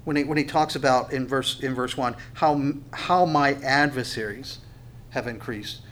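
A man preaching a sermon in an earnest, halting way, stumbling over restarts and then pushing hard on key phrases. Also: medium pitch, a bit bright. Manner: earnest, halting, with many restarts and sudden bursts of emphasis. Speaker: pastor.

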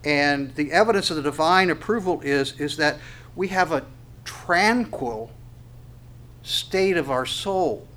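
Fairly high-voiced man preaching a sermon. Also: animated, slow, a bit bright. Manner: preaching with rising emphasis, rhetorical questions, frequent restarts. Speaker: pastor. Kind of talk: expository sermon.

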